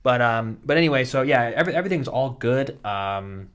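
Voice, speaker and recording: A man's voice: medium pitch, expressive, fairly quick, fairly bright tone, clear, resonant tone. A man in his thirties chatting casually as a podcast co-host, rambling with many fillers and restarts. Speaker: podcast co-host, soap actor. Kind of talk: casual chat.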